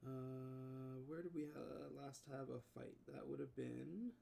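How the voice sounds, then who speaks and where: A man's voice: medium pitch, slow pace, gravelly, warm tone, slight background noise. A man narrating as game master of a tabletop game, describing scenes in a rambling way full of fillers.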